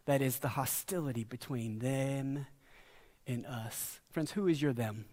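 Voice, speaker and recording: A middle-aged man preaching a sermon as a pastor, earnest and dropping to quiet emphasis on key words. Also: mid-range voice, unhurried.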